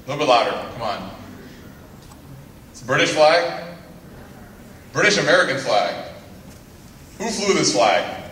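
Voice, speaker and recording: A man's voice: mid-range voice, very animated, unhurried, pauses often, sharp tone. A young man giving a guest lecture to students, full of teasing asides and jokes. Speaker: guest speaker. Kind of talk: joking lecture to a student audience. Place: lecture hall. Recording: echoey hall from far off, faint noise.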